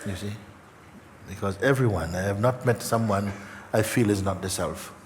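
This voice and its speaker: Low-voiced man teaching in a reverberant hall. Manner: unhurried, halting, many fillers and repeats. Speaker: spiritual teacher. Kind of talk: live spiritual talk to a gathering. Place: large meeting hall. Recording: long hall reverb, faint background noise.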